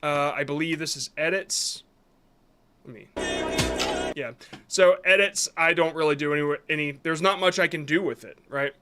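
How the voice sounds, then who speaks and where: A man's voice: a little high, moderate pace, pauses often, sharp tone, soft background music. A man hosting a live stream, reviewing viewers' short videos in casual commentary that is hesitant and apologetic, with many restarts.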